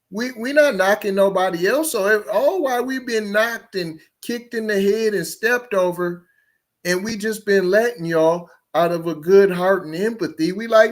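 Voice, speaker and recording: Male podcast host, confrontational, fires off rhetorical questions; pitch on the high side, very lively. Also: unhurried. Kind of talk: reaction commentary.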